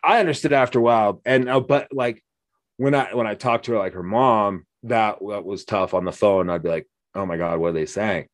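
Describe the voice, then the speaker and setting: A man's voice: fairly low pitch, fairly quick, no room sound, studio quality. An American man chatting casually as a podcast host, a jokey storyteller who acts out the voices he quotes. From United States. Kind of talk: casual conversation.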